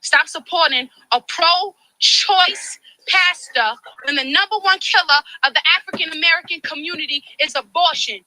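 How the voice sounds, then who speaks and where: Woman activist going off at volunteers, really high sharp voice, pleading and preachy, phone recording. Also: normal speed, hardly any pauses, rough recording. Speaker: activist confronting campaign volunteers. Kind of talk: heated street confrontation.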